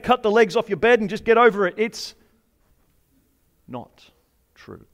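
A man's voice: sits high, smooth. A man preaching a sermon in a humorous, conversational way, asking the congregation questions and joking about everyday life. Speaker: pastor.

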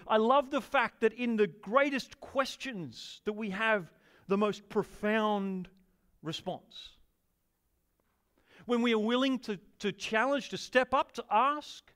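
Lively high-voiced male preacher. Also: a little slow. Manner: enthusiastic, conversational, asks the audience questions. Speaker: pastor. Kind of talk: sermon.

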